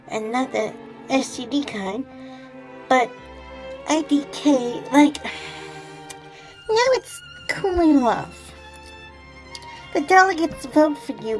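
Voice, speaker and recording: A woman playing America gently breaking up. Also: high-pitched, full character voice, rough recording. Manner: breezy breakup talk with text-speak. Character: America personified, woman letting a man down gently.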